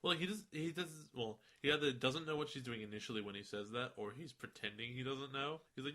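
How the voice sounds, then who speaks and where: A man co-hosting a podcast, talking in a loose, casual way. His voice is bright and forward, and he gets animated when acting out lines in playful voices. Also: mid-range voice, fast, hardly any pauses. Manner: animated, acts out quoted lines in funny voices. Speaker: podcast co-host. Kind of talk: casual chat.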